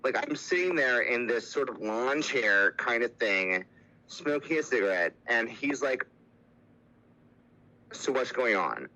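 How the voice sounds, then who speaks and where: A man's voice: medium pitch, lively intonation, measured pace, bright, forceful tone, highs cut off. A man speaking as a podcast guest, telling a personal story in casual, candid talk, with lots of "like" and "you know".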